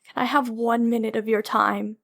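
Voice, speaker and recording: A woman's voice: on the high side, little pitch movement, normal speed, creaky, a bit bright. A woman reading the part of a grave male hero leader, speaking in an earnest, apologetic and insistent way in an audiobook. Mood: earnest pleading.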